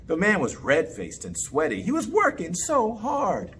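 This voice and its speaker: A man telling a children's story in a playful, animated way, inviting the kids to join in. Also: a little high, measured pace, hardly any pauses, a little hiss or hum. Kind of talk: interactive children's story time.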